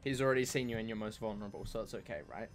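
A man's voice: on the low side, racing, faint music behind. A man chatting casually while streaming a game, playful and teasing, often repeating himself. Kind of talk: casual gameplay chat.

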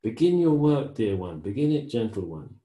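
Gentle old elder, joyful and kind, warm low tone, a man reading him aloud. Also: big pitch swings, normal speed, reverberant, natural voice, poor audio. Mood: tender. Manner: reads the dead elder's words tenderly.

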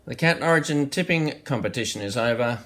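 A man's voice: medium pitch, lively intonation, a little fast, a bit bright. An Australian man hosting a casual home video with his family, chatty and playful, cooing affectionately at his pets. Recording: echoey room with background noise.

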